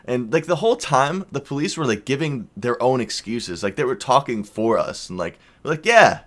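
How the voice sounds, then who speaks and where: A young man vlogging, casually telling a wild night's story with lots of swearing and animated quoted voices. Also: mid-range voice, moderate pace. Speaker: YouTuber.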